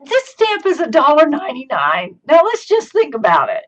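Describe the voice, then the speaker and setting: A woman's voice: sits high, wildly swooping pitch, moderate pace. Chatty Southern woman demonstrating crafts. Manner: chatty, folksy, easily laughing. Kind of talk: live-streamed craft tutorial. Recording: dull lo-fi stream audio.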